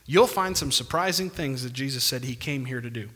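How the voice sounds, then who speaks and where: Pastor guy preaching hard, bright forceful voice, big echoey church. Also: medium pitch, a little fast, breathy edge. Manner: emphatic preaching with calls of amen. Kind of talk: sermon. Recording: long church reverb.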